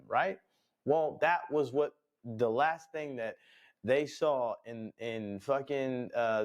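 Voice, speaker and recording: A man from New York hosting a sports podcast, ranting bluntly and profanely in casual talk. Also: a little high.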